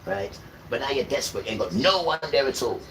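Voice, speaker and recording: A man's voice: animated, quick pace, a little hiss or hum, rough recording. Fiery preaching man with a lilt. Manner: emphatic, repetitive, swings between loud outbursts and low mutters. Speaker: livestream host. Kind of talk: impassioned spiritual monologue.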